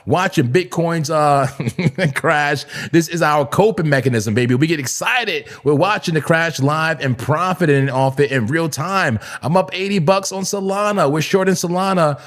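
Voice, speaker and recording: A young man runs a live trading stream with loose, slangy banter. His voice sits a little high, and he often breaks into laughter or sudden shouts while talking to his chat. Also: normal speed. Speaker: crypto trading livestream host. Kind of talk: hyped live trading commentary.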